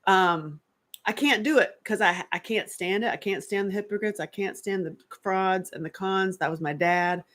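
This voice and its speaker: A middle-aged woman from North Carolina talking to her viewers in a loose, unscripted chat. Her voice sits a little low, and she speaks with candid, animated energy, laughing easily and darting into quick asides. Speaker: host. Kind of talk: casual live-stream chat.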